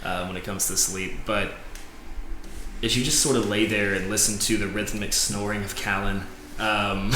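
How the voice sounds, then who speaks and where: Guy running a tabletop game, kinda low voice, lots of ums, echoey room w some noise. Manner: rambling, halting narration with many fillers. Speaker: game master.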